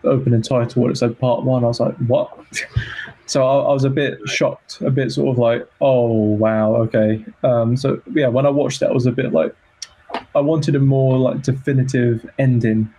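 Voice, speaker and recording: A man's voice: medium pitch, steady tone, brisk, warm tone, husky, rough recording. A man who is a podcast guest, speaking hesitantly with lots of fillers as he discusses a film. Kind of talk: casual film review chat.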